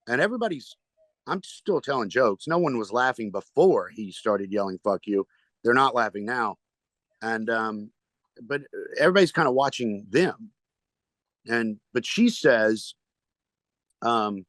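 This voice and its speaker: Halting storytelling man, dry close sound. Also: medium pitch, dry recording. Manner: rambling, halting, with restarts and quoted voices. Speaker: stand-up comedian guest. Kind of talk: storytelling in a podcast interview.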